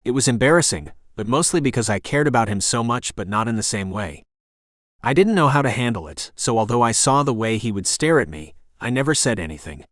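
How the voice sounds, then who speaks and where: A man reading a first-person audiobook narration in a measured, earnest way. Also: medium pitch, lively intonation, dry recording, studio quality.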